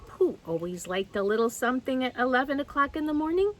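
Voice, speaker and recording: A woman reading a children's story aloud in a gentle, expressive way. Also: high-pitched, fast talker. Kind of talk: children's read-aloud narration.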